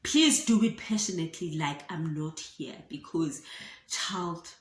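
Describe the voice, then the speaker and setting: A woman's voice: low voice, unhurried. A young woman from South Africa with a South African accent, telling a dramatic story in a casual storytime vlog. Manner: animated, dramatic, mixes in Zulu phrases. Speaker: YouTuber. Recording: echoey room.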